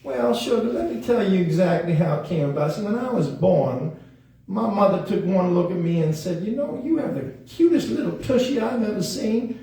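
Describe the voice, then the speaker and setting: Guy doing a high cooing puppet lady, sugar this sugar that, mellow tone, big echoey room. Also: lively intonation, moderate pace, vocal fry. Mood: chatty. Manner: coos and calls people sugar. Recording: echoey room, distant mic.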